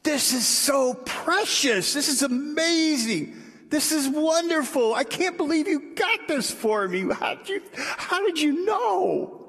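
A man playing a gushing, delighted old billionaire who raves in a high, breathless voice. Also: expressive, takes it slowly, creaky, a bit bright, exaggerated voice. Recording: echoey hall.

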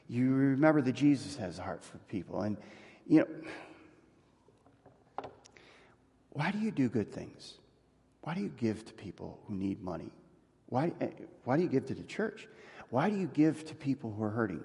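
A man preaching a sermon as pastor, earnest and building to emphatic, forceful points. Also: mid-range voice, vocal fry. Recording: long reverb of a large hall.

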